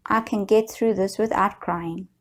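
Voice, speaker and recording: A woman guiding viewers through a slow, soothing tapping session, leading them in repeated affirmations. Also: mid-range voice, fairly even intonation. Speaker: EFT tapping guide.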